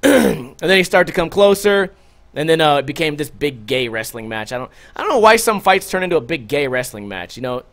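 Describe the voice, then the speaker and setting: A man hosting a podcast, telling a story in a loose, profane, animated way and loudly acting out what people said. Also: fairly high pitch, fairly quick. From Las Vegas. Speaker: podcast host. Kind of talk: casual storytelling monologue.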